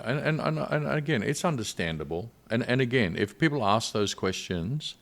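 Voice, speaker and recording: A man's voice: sits low, vocal fry. An older man with an Australian accent, a missionary guest telling his story earnestly in a podcast interview.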